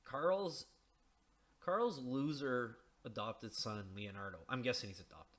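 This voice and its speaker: A man's voice: mid-range voice, a little slow, fairly bright tone. A man casually discussing a video game in a sarcastic, mocking way, rambling with many restarts and the odd swear word.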